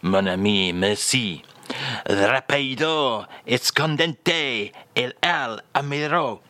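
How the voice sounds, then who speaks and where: A man voicing a suave old Frenchman and ladies' man with a put-on French accent, speaking in theatrical, drawn-out phrases. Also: mid-range voice, lively intonation, pushed and bright, no room sound. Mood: smug.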